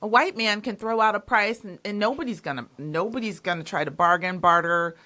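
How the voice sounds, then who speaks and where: A woman's voice: medium pitch, a little fast, bright, forceful tone. A woman hosting a podcast interview, talking in an emphatic, casual way and repeating words when she stresses a point. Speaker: podcast host.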